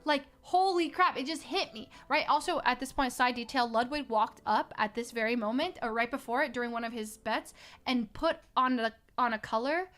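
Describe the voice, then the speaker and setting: A woman's voice: on the high side, brisk. A young woman casually telling a story and acting out what others said. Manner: animated, acts out others' lines.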